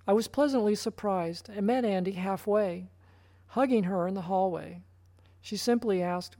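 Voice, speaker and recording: A woman reading a first-person story aloud in a plain, even narrating voice. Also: mid-range voice, normal speed, no room sound.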